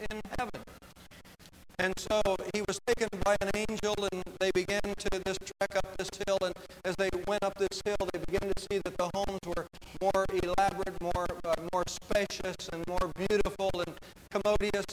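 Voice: medium pitch, rough recording. A pastor preaching a sermon earnestly, repeating phrases for emphasis.

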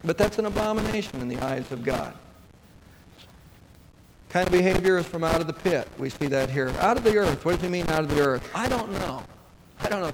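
A male pastor preaching a sermon to his congregation, asking rhetorical questions and answering them himself. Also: on the high side. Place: church sanctuary. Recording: hall reverb with clear background noise.

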